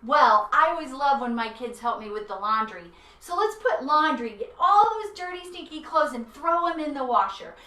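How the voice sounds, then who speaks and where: A woman leading a children's yoga class, animated and playful, coaching in a sing-song way with sound effects. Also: high-pitched, normal speed, few pauses, recorded from a distance. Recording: echoey room, away from mic, faint music.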